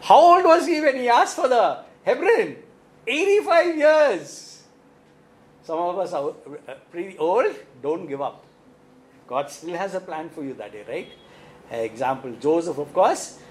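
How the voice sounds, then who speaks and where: A man's voice: fairly high pitch, slight background noise, low-quality recording. A man with an Indian English accent preaching a sermon, asking rhetorical questions and often tagging "right?". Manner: animated, rhetorical questions, frequent "right?" tags.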